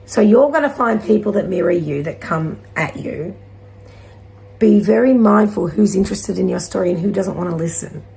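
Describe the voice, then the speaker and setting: A woman leads a spiritual card reading in a gentle, encouraging way. Her voice sits in the middle of the range and carries heavy vocal fry throughout. She drifts between thoughts in a loose, rambling flow. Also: medium pitch, animated, moderate pace. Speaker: intuitive card reader.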